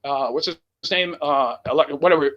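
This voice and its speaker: A man's voice: on the high side, moderate pace, fairly bright tone, muffled recording. A man who fronts a rock band, telling a road story in casual chat, rambling and swearing with lots of fillers. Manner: rambling and profane, heavy with fillers. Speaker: guest, rock band singer.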